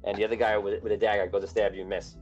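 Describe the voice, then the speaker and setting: A man's voice: on the low side, little pitch movement, rapid-fire, darkish tone, lo-fi sound, faint music behind. Man narrating a tabletop game. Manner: loose, rambling narration with many restarts. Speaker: game master.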